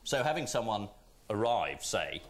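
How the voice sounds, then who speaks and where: A man's voice: on the low side, very animated, unhurried, very noisy. Wry ironic male panelist. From Britain. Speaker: team captain on panel show.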